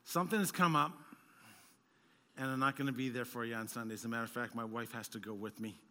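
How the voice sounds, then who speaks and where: A man voicing a guest preacher who haltingly apologizes for backing out of a Sunday service. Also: mid-range voice, fairly even intonation, sharp tone, long reverb tail. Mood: apologetic.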